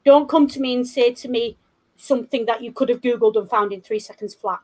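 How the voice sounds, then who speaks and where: A woman with a high, light voice chats on a casual podcast. She is blunt and sweary and tells her stories with plenty of animation. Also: a little fast, a little mellow. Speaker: co-host.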